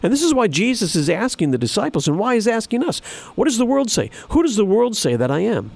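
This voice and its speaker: A man's voice: high voice, big pitch swings, quick pace, gravelly, darkish tone, dry recording. A man preaching a sermon in an earnest, emphatic way, repeating phrases for stress. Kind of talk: sermon with scripture reading.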